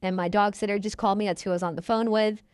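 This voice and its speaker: A woman's voice: mid-range voice, fairly even intonation, rapid-fire, darkish tone, clean tone, no echo, studio quality. A woman in her twenties, a podcast guest telling her story in a casual, chatty way and acting out the people she quotes. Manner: chatty, quotes people in their own voices.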